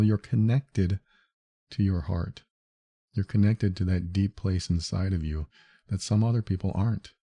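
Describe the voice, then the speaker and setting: A man's voice: on the low side, dark tone. A man hosting a solo advice podcast, speaking in an earnest, reassuring way and repeating key points for emphasis. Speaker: podcast host.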